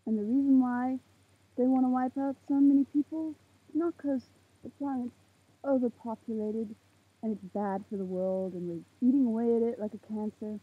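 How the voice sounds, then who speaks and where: An eighteen-year-old woman ranting to camera outdoors at night, heated and swearing, with a very husky voice. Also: on the high side, normal speed. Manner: heated, swearing, preachy outbursts. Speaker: vlogger. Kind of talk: impassioned rant to camera. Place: outdoors in a parking lot at night under a makeshift roof. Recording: tinny phone-like lo-fi sound.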